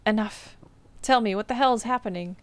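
A woman's voice: medium pitch, brisk, lightly acted. A woman voicing a defiant young protagonist in a horror game, speaking with a threatening edge.

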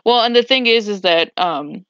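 A woman's voice: mid-range voice, expressive, moderate pace, a bit bright, clear, resonant tone, no echo. A woman casually recapping a tabletop game on a podcast, rambling and restarting sentences as she remembers. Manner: rambling, restarts sentences while recalling events. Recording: slightly muffled dry recording.

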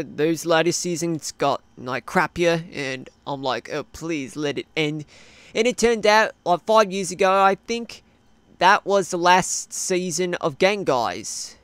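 A man's voice: fairly high pitch, smooth, dry recording, lightly acted. A man voicing a rambling adult male cartoon interviewee with an Australian accent, full of fillers and restarts, in a hobby cartoon. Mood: complaining.

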